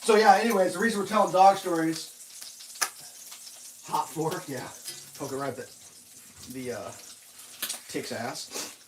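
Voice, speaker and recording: Man, high voice, rambling, animated storyteller, cooking breakfast, faint clicks behind. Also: a little slow, long pauses, noisy background. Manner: rambling, animated, laughs at his own stories. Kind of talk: casual storytelling while cooking.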